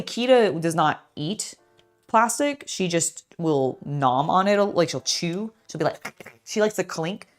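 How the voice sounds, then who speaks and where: Low-voiced young woman rambling while she builds lego, lots of likes and ums, faint music behind. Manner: chatty and rambling, talks to her cat, many fillers. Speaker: LEGO builder and channel host. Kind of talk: casual building vlog chat.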